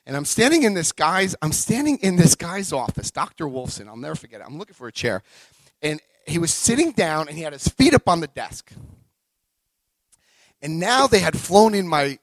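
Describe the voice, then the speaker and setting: A middle-aged man tells his own recovery story, animated and expressive, his voice sitting a little high and rising and falling widely. He acts out the moments, swinging from hushed to loud. The sound is dry and close, with no room around him. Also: brisk, no room sound, low-quality recording. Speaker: recovery speaker. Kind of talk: personal recovery talk.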